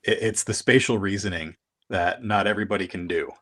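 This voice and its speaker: A man's voice: low voice, a little fast, a bit bright. A man appearing as a guest on a board game show over a video call, talking hesitantly with many fillers and restarts. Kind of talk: casual chat.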